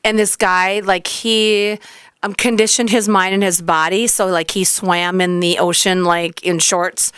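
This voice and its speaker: A woman guest chatting on a radio show, telling lively stories and acting out what people said. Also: medium pitch, a little slow, smooth, no room sound, studio quality. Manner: excitable storyteller, acts out quotes. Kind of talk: casual chat. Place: radio studio.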